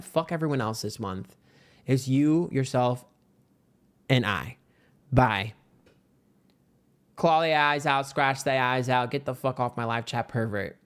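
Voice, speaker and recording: A man giving a casual tarot card reading. He is brash, sassy and profane, and his pitch jumps up suddenly for emphasis. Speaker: tarot reader.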